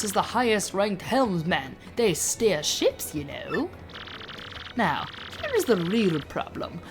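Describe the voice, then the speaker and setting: A woman voicing a vain, pompous male ship owner in a grandiose, sing-song manner, over game music. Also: mid-range voice.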